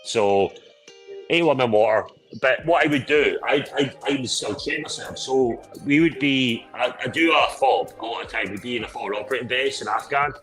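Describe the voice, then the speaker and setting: A man's voice: medium pitch, normal speed, a bit bright, faint music behind, low-quality recording. A man hosting a casual drinking chat, boisterous and rambling with heavy swearing. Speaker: podcast host.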